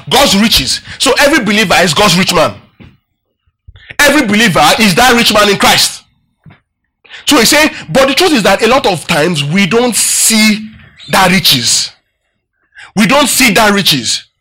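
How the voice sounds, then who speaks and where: A man's voice: high-pitched, very animated, moderate pace, bright, forceful tone. A man preaching a Bible-teaching sermon, putting questions to his listeners and repeating phrases for emphasis.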